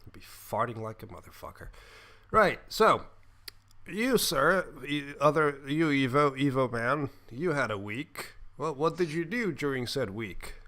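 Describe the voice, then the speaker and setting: Bright-voiced young man hosting a podcast. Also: mid-range voice, lively intonation, unhurried. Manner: jokey, rambling with fillers. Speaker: podcast co-host. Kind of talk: casual chat.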